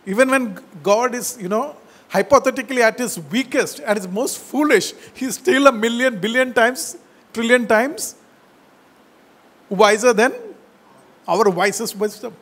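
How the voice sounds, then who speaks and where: A pastor preaches in a high-pitched voice, leaning hard on key words. He slows down to quote scripture and lets his phrases fall low and soft at the end. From India. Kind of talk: sermon.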